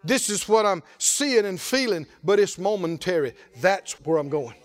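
A male pastor preaching a lively sermon, often laughing and calling out to the congregation. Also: sits high, normal speed. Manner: animated, laughing, call-and-response preaching.

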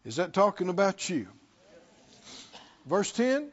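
Man, preacher, high voice, very animated pitch, call-and-response sermon, muffled sound. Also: takes it slowly, pauses often, breathy edge. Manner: call-and-response, repeating questions with rising fervor.

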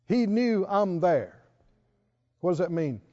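A man preaching a sermon, folksy and emphatic, drawing out scripture quotes slowly and asking his listeners questions. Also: sits high, sing-song, warm tone. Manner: folksy, asks the audience questions. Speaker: pastor. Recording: dull lo-fi recording in a reverberant hall.

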